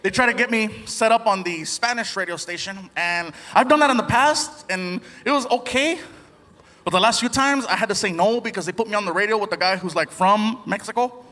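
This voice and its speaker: A man performing an animated stand-up comedy set on a theater stage, telling stories and slipping into voices. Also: sits high, brisk, big-room sound. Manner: animated storytelling with put-on voices. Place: theater stage before a live audience. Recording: live theater with loud crowd laughter.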